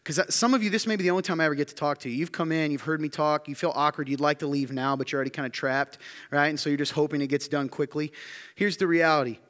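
A male pastor delivering a sermon in a church hall with a long, ringing reverb. His voice sits a little high and grows loud and insistent as he repeats phrases. He keeps checking in with the room through short rhetorical questions. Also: steady tone, quick pace. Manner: emphatic, building to loud high-pitched intensity; repetitive rhetorical questions to the congregation.

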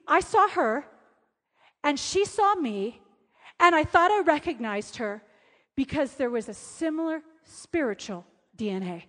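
High-voiced woman preaching in a hall. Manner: animated storytelling, acting out quotes. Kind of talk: sermon. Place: large hall. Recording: reverberant hall.

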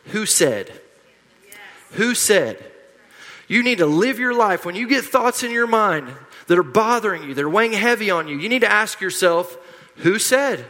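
A man's voice: sits high, expressive, normal speed, bright, forceful tone. A middle-aged man preaching a sermon, emphatic and repetitive, leading the congregation in call-and-response. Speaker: pastor. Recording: long hall reverb.

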